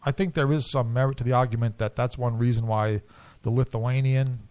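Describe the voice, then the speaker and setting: A man co-hosting a casual radio show in a studio, tossing out quick jokes and teasing questions. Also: medium pitch, steady tone, darkish tone, clean tone.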